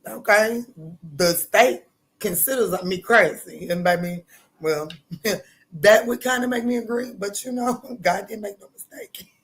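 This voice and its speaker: Woman, tarot reader livestream host, middle pitch, loud, profane, casual chat. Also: unhurried. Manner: loud, bold and profane, laughing often, with sudden jumps in pitch.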